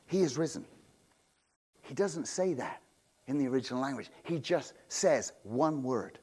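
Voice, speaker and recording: A man preaching a sermon, swinging between loud proclamations and quiet asides, often repeating and restarting words. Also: medium pitch, expressive, moderate pace, breathy edge. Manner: self-interrupting, repeats words. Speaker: pastor.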